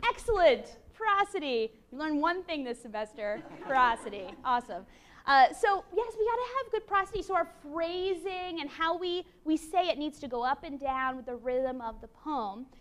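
A woman teaching a college class, lively and encouraging, with a playful manner. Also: high-pitched, moderate pace. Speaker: university lecturer. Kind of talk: classroom lecture.

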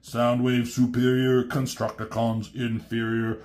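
A man voicing a cold male robot in a comic retelling, flat and clipped. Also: mid-range voice, a little slow, close to an everyday voice.

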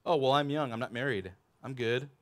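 A preacher putting on a boastful rich young ruler. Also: male voice, medium pitch, fairly quick, natural voice. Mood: dismissive. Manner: eager, boastful questioning. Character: rich young male ruler, proud, self-assured. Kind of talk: sermon.

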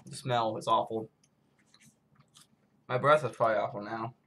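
A man's voice: fairly low pitch, fairly even intonation, moderate pace, a bit bright. A man from the United States rambling through a casual snack taste-test vlog, full of self-mocking asides. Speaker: vlogger.

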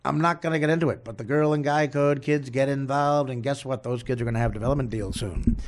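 A comedian hosting a show, delivering a crude, rambling, absurd comic rant. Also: male voice, mid-range voice, quick pace, slight background noise. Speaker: comedian host.

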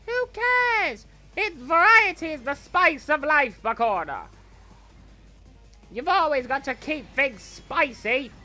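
A man's voice: very high voice, very animated, slow, bright, forceful tone, soft background music, full character voice. A man voicing a cocky, greedy young male villain, chatting boastfully through in-character gameplay commentary. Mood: playful. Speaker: fan voice actor playing a character.

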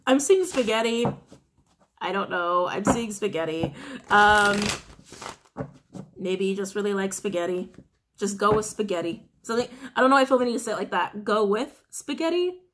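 A woman talking through a tarot reading straight to her viewers. She rambles in a loose, chatty way, full of "like" and "um." Her voice sits at an ordinary middle pitch for a woman. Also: normal speed, noisy background. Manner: chatty, rambling, many fillers. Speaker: tarot reader.

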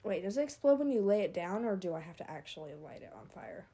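A young woman giving casual gameplay commentary, excitable and swinging between quiet muttering and loud outbursts. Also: mid-range voice, quick pace, husky. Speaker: gaming video creator.

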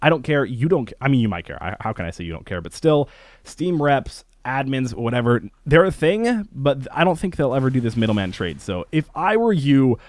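A man rants in a loose, animated way as a gaming YouTuber, laughing and swearing between points. His voice sits at an ordinary middle pitch. The recording is dry and close, with no room sound. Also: brisk, dry recording. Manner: animated, laughs often, swears, acts out quoted scammers. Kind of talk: casual ranting commentary.

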